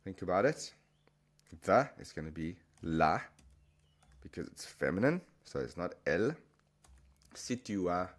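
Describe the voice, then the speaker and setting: A man explaining a language lesson, patiently repeating words slowly for the learner. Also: low-pitched, very animated. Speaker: Spanish teacher.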